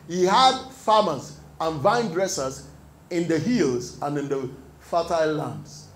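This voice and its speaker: A man's voice: a little high, echoey room, a little hiss or hum, poor audio. A male pastor preaching a sermon, reading scripture and putting questions to the congregation for them to answer. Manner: emphatic call-and-response preaching.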